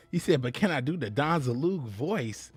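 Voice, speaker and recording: A man's voice: on the high side, animated, unhurried, breathy edge, no echo, soft background music. A man commentating live on his own card game play, chatty and laughing, talking to his viewers. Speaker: game streamer.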